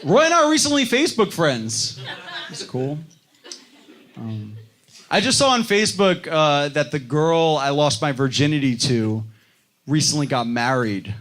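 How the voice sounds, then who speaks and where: A young man doing a stand-up comedy set on a club stage, telling self-mocking stories with animated delivery. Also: on the high side, a little slow. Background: audience laughter.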